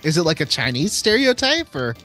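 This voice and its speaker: A man's voice: a little high, very animated, a little fast, a bit bright, faint music behind. A man from Canada co-hosting a casual gameplay chat, chatty and teasing, telling stories. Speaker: co-host.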